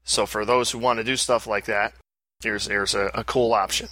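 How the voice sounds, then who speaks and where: Man, podcast co-host, bright tense tone, dry close sound, rambling casual chat. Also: fairly low pitch, fairly even intonation, moderate pace, no room sound. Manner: rambling, restarts phrases while explaining.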